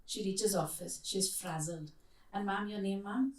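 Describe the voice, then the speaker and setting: This is a middle-aged woman with a medium-pitched, unhurried voice, leading an interactive workshop talk. She tells vivid stories and draws the audience in with questions, recorded far off-mic in an echoing conference hall.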